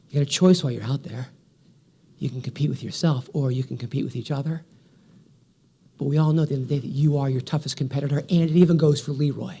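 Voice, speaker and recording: A man's voice: a little high, mellow. A man in his forties giving a motivational keynote speech, telling stories with energy and a punchy rhythm. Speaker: keynote speaker.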